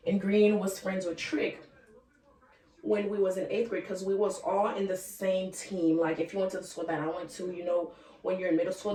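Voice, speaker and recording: A woman's voice: fairly low pitch, warm tone, recorded from a distance. Young woman, casual storytime, frank, chatty, swears, talks to viewers, set back from the mic, roomy echo. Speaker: vlogger.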